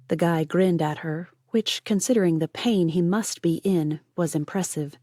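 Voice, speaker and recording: A woman narrates an audiobook in a steady, measured manner, her voice sitting on the lower side. She is close to the mic, and the sound is dry, with no room echo. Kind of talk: scripted narration.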